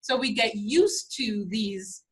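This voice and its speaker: Middle-aged woman, spiritual teacher, casual storyteller, lively and often laughing. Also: a little high, takes it slowly, husky. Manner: animated, laughs often, acts out voices.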